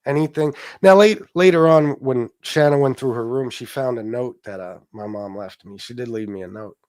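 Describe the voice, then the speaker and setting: A man's voice: mid-range voice, normal speed, darkish tone. Man rambling emotionally on his own show. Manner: rambling, emotional, with many restarts and asides; profane. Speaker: political talk show host. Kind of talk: casual live-stream talk.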